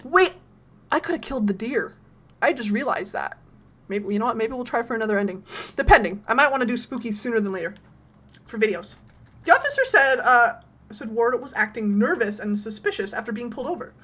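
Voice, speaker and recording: A young woman streaming a horror game, excitable, laughing often and swearing casually. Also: fairly high pitch, fairly quick. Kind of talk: casual gameplay commentary.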